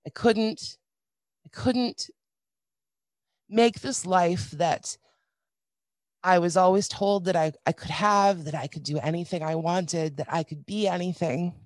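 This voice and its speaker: A middle-aged woman telling a painful personal story in a candid, halting way, with many restarts and dry, wry asides. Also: on the low side, darkish tone, no room sound. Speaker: guest sharing a personal story.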